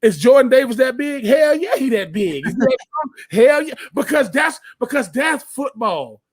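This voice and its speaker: A man with a strikingly high voice talks sports on the radio. He is emphatic and folksy, hammering points home with repeated phrases and quick restarts, like a former player holding court. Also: big pitch swings.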